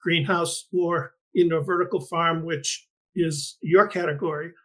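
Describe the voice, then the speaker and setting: A man's voice: a little high, fairly even intonation, measured pace, fairly bright tone. A middle-aged man hosting an interview podcast, speaking thoughtfully with frequent restarts and fillers. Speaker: podcast host and greenhouse researcher. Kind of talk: conversational interview.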